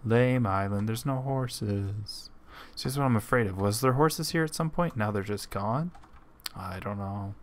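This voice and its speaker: A young man with the hiccups commentating his game casually, thinking out loud with lots of ums. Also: on the low side, measured pace. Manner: rambling, thinking aloud with many ums. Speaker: let's play host.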